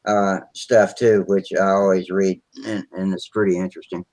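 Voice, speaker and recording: A man's voice: low voice, little pitch movement, normal speed, a little mellow, dry recording. A man hosting a casual video call hangout, rambling along as he fumbles with his computer. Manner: rambling, narrates his own computer trouble. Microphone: computer mic on a video call.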